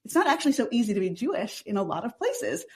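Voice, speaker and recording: A woman's voice: mid-range voice, quick pace. A woman, chatting as a podcast guest and saying "like" constantly. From Long Island, New York. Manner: says "like" constantly, chatty and animated. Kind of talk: casual chatty interview.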